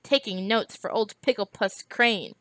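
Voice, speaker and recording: A woman reading aloud, voicing a blunt street-raised boy who talks in slang, pitched a little higher than her narration. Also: expressive, a little slow, fairly bright tone, dry recording.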